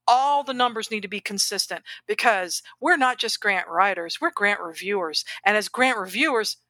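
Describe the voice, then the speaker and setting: Chatty bright-voiced woman. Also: medium pitch, normal speed, dry recording. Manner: animated, chatty, rambling with self-corrections. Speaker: podcast co-host, grant professional. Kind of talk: casual podcast chat.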